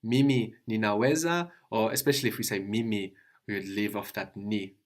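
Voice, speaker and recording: A man teaching a language lesson, patiently explaining step by step and asking his student questions. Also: lowish voice.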